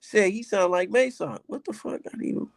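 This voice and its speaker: A man's voice: high voice, normal speed, creaky. A male streamer giving profane, mocking reaction commentary and laughing often.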